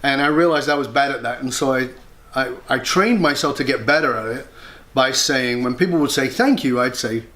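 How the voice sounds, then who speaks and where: A man with a brisk, sharp, mid-range voice appears as an interview guest and leadership mentor, telling a personal story candidly, reflectively, and earnestly. He swears bluntly now and then and often acts out things he once said.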